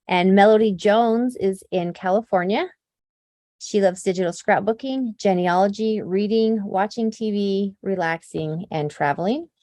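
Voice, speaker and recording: Her voice is mid-range with a dark tone, and she speaks at a measured pace with no room sound. An Idaho, USA, native who founded the company, she addresses her new team over a video call in a casual, upbeat way, going through long lists with many fillers and freely confessing she tears up easily.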